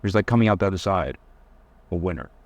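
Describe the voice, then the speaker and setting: Teasing young man with lively delivery. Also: sits low, fast, no room sound. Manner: blunt, teasing, mocks with whiny put-on voices. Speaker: dating advice coach. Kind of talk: casual lecture to camera.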